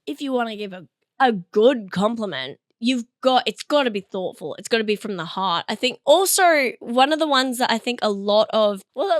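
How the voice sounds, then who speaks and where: A woman comedian talking casually to camera in a review vlog, hoarse from a partly lost voice, rambling and self-deprecating and laughing often. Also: on the high side, a bit bright, no room sound, clean studio sound.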